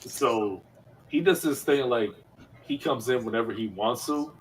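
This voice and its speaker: A man at mid pitch spins a story from his job, loose and laughing, piling on fillers and slang. He sits a little back from the mic, so his voice sounds somewhat distant. The chat is casual and unscripted. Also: measured pace, a little hiss or hum. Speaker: podcast co-host.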